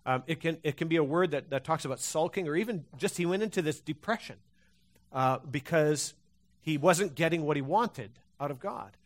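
A man preaching a sermon to his congregation. His voice sits a little high, and he talks in a lively, conversational way. He often repeats a word as he restarts a thought. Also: normal speed. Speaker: pastor.

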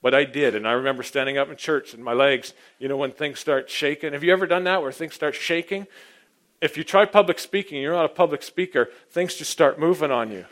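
A middle-aged man preaching a sermon, telling his own story and swinging from hushed asides to loud, emphatic points. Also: fairly high pitch, a little fast. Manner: personal testimony, dynamic, swings from hushed to loud. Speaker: pastor.

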